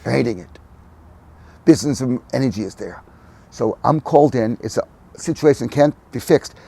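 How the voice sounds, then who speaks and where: An older man speaking as a podcast guest, telling stories animatedly, dropping to soft murmurs and rising to loud emphatic bursts. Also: medium pitch, expressive, moderate pace, vocal fry, breathy edge. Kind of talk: conversational storytelling.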